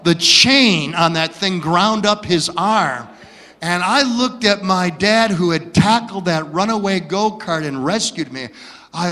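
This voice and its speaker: A man from Michigan telling stories from his childhood as a preacher, dramatic and swinging from hushed to loud. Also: on the high side, animated, slow. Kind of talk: storytelling sermon. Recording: long hall reverb.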